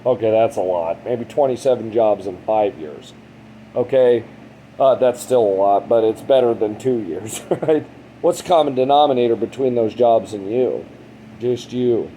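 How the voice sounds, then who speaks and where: A man's voice: mid-range voice, warm tone, a little hiss or hum, poor audio. A man in his thirties talking bluntly and frankly in a casual monologue, rambling and swearing a lot. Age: 30s. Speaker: vlogger.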